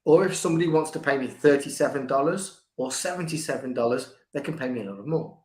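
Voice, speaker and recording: An older man, a book coach, talking in a conversational interview, lively and restarting his sentences, sometimes acting out quoted voices. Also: medium pitch, quick pace. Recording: echoey room.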